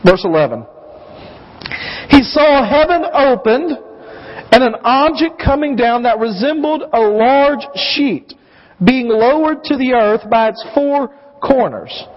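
A pastor in his thirties preaches with a notably high, light voice, pressing his listeners with emphatic questions. The sound rings with long reverb through a church hall, and the recording itself is somewhat dull and muffled. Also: expressive, slow. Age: 30s. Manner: emphatic, asks the congregation questions. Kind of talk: sermon.

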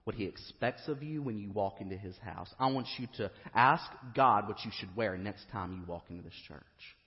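A man's voice: on the low side, normal speed, close to an everyday voice. A man voicing a stern, judgmental male church pastor who talks down to a young woman. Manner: scolding, condescending. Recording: reverberant hall, dull lo-fi.

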